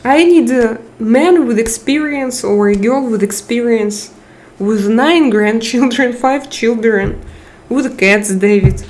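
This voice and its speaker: Woman live stream host, tired, unhurried speech, emotional thanks to chat. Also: a little high. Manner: warm, emotional, reads out chat names and thanks viewers. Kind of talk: casual live chat with viewers.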